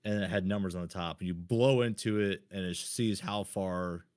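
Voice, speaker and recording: A man's voice: deep voice, normal speed, a little mellow, no echo, clean studio sound. A man in his thirties, co-hosting a podcast, telling childhood stories in a casual, blunt, self-mocking way with plenty of swearing. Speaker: podcast co-host. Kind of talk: casual storytelling chat.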